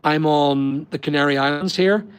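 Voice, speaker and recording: A man's voice: a little high, moderate pace, clear, resonant tone, rough recording. Chatty Northern Irish man. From Northern Ireland. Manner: rambling, chatty, talks back to viewers' comments. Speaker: host of a live stream. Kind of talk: casual live-stream chat with viewers. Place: holiday lodging abroad. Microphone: laptop or phone on a weak connection.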